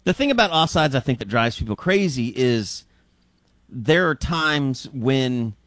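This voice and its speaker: A man's voice: mid-range voice, lively intonation, measured pace, a bit bright, dry recording. Scottish man musing in studio chat. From Scotland. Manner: rambling, thinking aloud with fillers.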